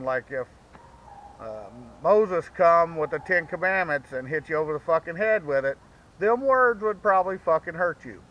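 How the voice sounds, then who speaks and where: A man's voice: a little high, lively intonation, moderate pace, a bit bright. A man hosting a vlog, rambling through a profane, self-mocking comedic monologue. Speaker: vlog host. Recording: dull lo-fi recording with faint background noise.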